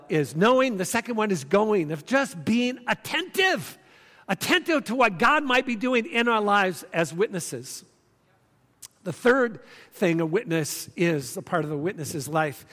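A man's voice: high-pitched, a bit bright. A man in his fifties preaching a sermon, earnest and conversational, telling stories with emphatic repeats. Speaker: pastor. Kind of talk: sermon with storytelling. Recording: long hall reverb.

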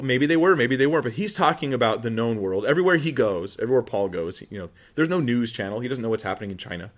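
A man preaching as a pastor, talking through a scripture passage in a relaxed, conversational way and acting out quoted voices. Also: medium pitch. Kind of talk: sermon.

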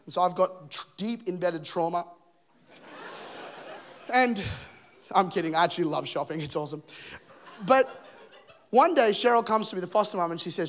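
A man from England in his thirties preaches from a church stage. His voice sits high, and he tells his story with animated humor, acting out each scene. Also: normal speed, pauses often.

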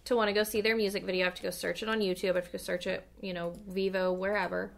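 Gravelly woman co-host, emphatic and chatty. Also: mid-range voice. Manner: animated, emphatic, quick asides, stutters when worked up. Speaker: podcast co-host. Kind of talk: casual chat.

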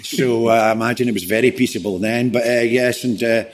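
A man's voice: medium pitch, steady tone, brisk. A man talking as a guest in a casual interview, rambling with lots of "you know" and restarts.

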